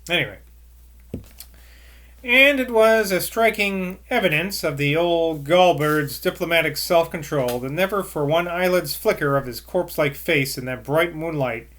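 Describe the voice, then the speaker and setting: Man reading aloud, slightly high voice, steady narration, casual asides. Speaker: reader.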